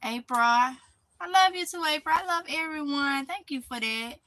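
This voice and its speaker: Woman, Mississippi Southern accent, high voice, casual live-stream chat, laughs often. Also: moderate pace, bright, forceful tone, dry recording, poor audio. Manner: chatty, talks back to comments, laughs often. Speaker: channel host reading live chat. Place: greenhouse.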